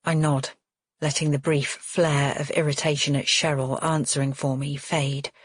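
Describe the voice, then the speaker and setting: A woman narrates an audiobook in first person, steady and measured. Her voice is lowish and husky, recorded close and dry. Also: dry recording.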